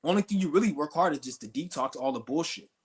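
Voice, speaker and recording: A man's voice: on the high side, lively intonation, fast talker, husky. A man streaming a profane, confrontational ranting monologue, insulting his listeners as he goes.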